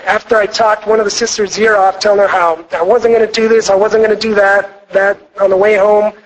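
A man's voice: sits high, little pitch movement, a little fast, poor audio. A young man giving an earnest, rambling personal testimony to a church retreat audience, full of fillers and restarts. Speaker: speaker sharing his testimony at a marriage retreat.

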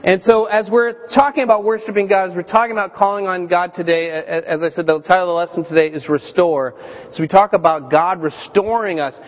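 A man in his thirties preaching a sermon as a pastor, chatty and storytelling, with animated voiced quotes. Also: high voice, fast talker. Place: church sanctuary. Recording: dull church recording with long reverb.

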